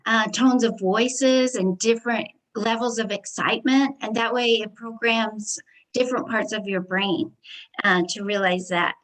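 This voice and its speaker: An earnest woman, a healer, walks her interviewer through a daily affirmation routine in a steady, instructive manner. Her voice sits slightly high. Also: poor audio. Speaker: healer and hypnotist vendor. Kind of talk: explaining affirmation practice in an interview.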